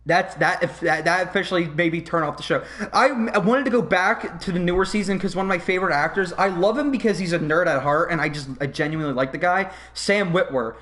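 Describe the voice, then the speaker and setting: A man's voice: sits high, fast, few pauses, a bit bright. A man hosting a casual podcast, ranting in a heated way with plenty of swearing. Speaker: podcast host.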